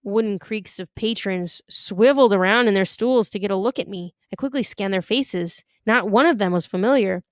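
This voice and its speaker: A woman reading a novel aloud in an expressive, careful way. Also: mid-range voice, moderate pace, few pauses, no echo, clean studio sound. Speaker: reader.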